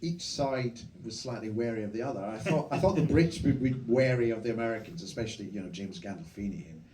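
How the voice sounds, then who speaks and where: A director reminisces calmly in front of a cinema audience. His voice is dark and mellow. It is picked up from well back in the hall, so it sounds distant and roomy, with a faint hiss. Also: fairly low pitch. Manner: relaxed reminiscing, measured. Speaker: film director. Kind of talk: onstage conversation. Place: cinema auditorium before a live audience. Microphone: stage mic recorded from the audience. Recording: distant, echoey hall recording with faint noise.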